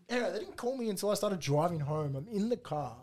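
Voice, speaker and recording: A young man holds forth in loose podcast banter. He rants and swears as he retells his phone calls, his voice sitting a little high. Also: lively intonation, brisk, a little mellow. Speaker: podcast co-host. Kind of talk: casual chat.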